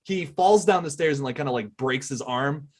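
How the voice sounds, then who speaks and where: Excitable man hosting a podcast. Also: on the high side, moderate pace. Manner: excited, rambling, swears and laughs often. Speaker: podcast host. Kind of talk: casual podcast film discussion.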